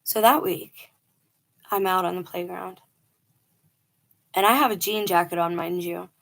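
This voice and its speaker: A woman's voice: on the low side, a little slow, gravelly, a bit bright. Earnest woman telling her life story. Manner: earnest, emphatic, with quoted dialogue. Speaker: vlogger telling a personal testimony. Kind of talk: casual storytelling monologue.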